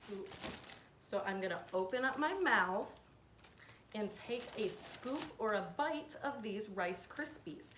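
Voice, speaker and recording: A woman giving a hands-on science lesson to children, explaining each step clearly and patiently. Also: mid-range voice, lively intonation, slow pace, fairly bright tone, slight background noise. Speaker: science teacher. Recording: echoey room.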